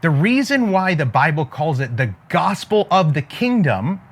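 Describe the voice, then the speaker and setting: A man delivers a faith-flavored business pep talk to camera with the rhythm of a preacher. His voice sits high and moves a lot, rising and falling as he drives his points home and throws questions back at his listeners. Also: big pitch swings, a little slow, slightly rough. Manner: emphatic, preacher-like cadence with call-and-response asides. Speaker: faith-based business coach.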